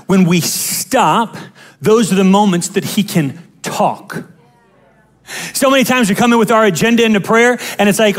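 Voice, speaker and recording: A male pastor preaching a sermon, animated, emphatic and joking with the congregation. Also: high-pitched, moderate pace.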